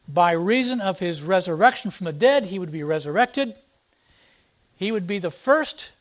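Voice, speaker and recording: Male pastor, higher-pitched voice, emphatic expository preaching. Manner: emphatic, reads scripture aloud with rising force; plain explanatory teaching tone. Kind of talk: expository sermon.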